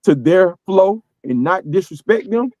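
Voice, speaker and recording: A man's voice: high-pitched, expressive, measured pace, mellow, dry recording, rough recording. A middle-aged man with a Southern US accent, giving earnest, streetwise advice in casual podcast talk. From American South. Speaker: podcast co-host.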